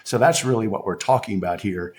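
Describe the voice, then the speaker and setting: Low-voiced man explaining a court filing. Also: fairly quick, darkish tone. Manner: conversational and explanatory, restarts and filler phrases. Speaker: political commentary host. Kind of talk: casual commentary walking through a court filing.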